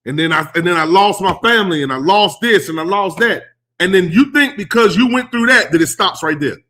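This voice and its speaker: Male preacher, high voice, conversational sermon, punchy emphasis. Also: expressive, fairly quick. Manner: emphatic and conversational, rising to loud stresses. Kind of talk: sermon teaching.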